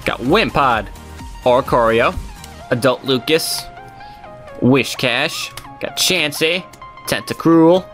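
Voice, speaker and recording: A man co-hosting a casual card-opening chat, excitable and quick to laugh and groan. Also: mid-range voice, faint music behind. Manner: excitable, laughs loudly and groans at his co-host's jokes. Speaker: co-host opening trading cards.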